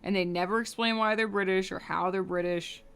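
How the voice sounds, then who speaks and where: A woman's voice: mid-range voice, fairly even intonation, a little fast, vocal fry, a bit bright, clear, resonant tone. A young adult woman streaming live while she draws, rambling casually to her chat and humming between remarks.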